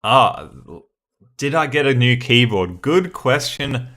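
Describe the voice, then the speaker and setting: A man's voice: mid-range voice, animated, slow, fairly bright tone. A man hosting a casual livestream, chatty, thinking aloud and laughing often as he plays word games. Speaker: streamer and host.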